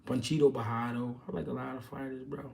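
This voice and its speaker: A man's voice: medium pitch, fairly even intonation, fast, creaky, darkish tone, distant mic. A man hosting a livestream, answering viewer questions in casual, slangy boxing chat with loose street talk and many fillers.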